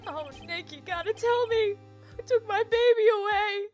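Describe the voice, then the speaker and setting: A woman voicing a goofy, melodramatic young man in a game, high and whiny, wailing for death. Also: normal speed, soft background music. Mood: grieving. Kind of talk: voicing a game character while streaming.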